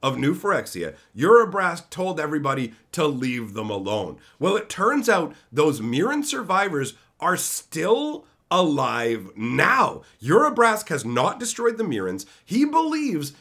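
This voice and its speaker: A man's voice: on the high side, wildly swooping pitch, measured pace, hardly any pauses, a bit bright. A man hosting a fantasy lore channel, retelling a story conversationally with frequent tag questions.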